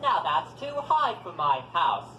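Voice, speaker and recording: A man doing a quick, indignant trickster rabbit. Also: fairly high pitch, very animated, bright, forceful tone, roomy sound, highs cut off, slight background noise, heavily acted. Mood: puzzled. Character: clever male rabbit, quick and bossy.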